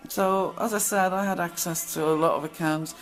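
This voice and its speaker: A woman's voice: lowish voice, fairly even intonation, normal speed, faint music behind, low-quality recording. A middle-aged woman telling stories from her past in a casual, blunt monologue. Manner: chatty, blunt, acts out quoted exchanges. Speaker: channel host.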